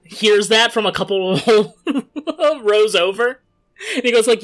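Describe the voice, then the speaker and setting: Bright, laughing game master narrator. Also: mid-range voice, steady tone. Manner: laughs often while narrating, quick asides. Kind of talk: improvised comedy narration.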